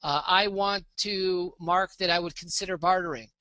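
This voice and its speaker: A man presenting a live online business pitch, walking through a website demo with an upbeat sales manner and frequent "okay?" check-ins. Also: steady tone, normal speed, pushed and bright, dry recording. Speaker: webinar presenter.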